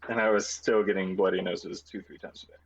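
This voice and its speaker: Low-voiced man with a dull mic. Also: steady tone, brisk. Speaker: player. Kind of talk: tabletop game play.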